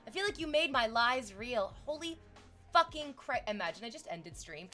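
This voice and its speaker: A young woman chats casually with her stream audience in a high, bright voice. She talks loosely and profanely, swinging into squeals and laughter when something delights her. Soft music plays quietly behind her. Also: moderate pace. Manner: excitable, profane, shrieks and laughs at donations. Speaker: livestreamer. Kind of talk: casual livestream chat.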